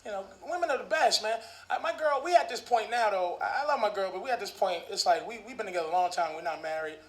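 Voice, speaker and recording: A man's voice: high voice, fast, a bit bright. A man in his thirties doing a stand-up comedy set, profane and conversational with mumbled asides. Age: 30s. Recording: echoey club recording with noise.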